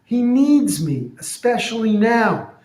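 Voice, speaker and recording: A man voicing a meek male donkey who stammers and defends his owner, in a higher, softer voice than his own, in an echoey room. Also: sing-song, slow pace, heavily acted. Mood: meek, defensive. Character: meek battered male donkey, loyal, making excuses. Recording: roomy echo.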